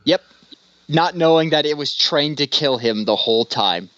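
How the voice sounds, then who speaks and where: A man's voice: a little high, expressive, moderate pace, dull audio. A man co-hosting a casual podcast, rambling through stories with lots of fillers. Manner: rambling, storytelling with acted-out voices. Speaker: podcast co-host. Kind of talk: casual stoner chat.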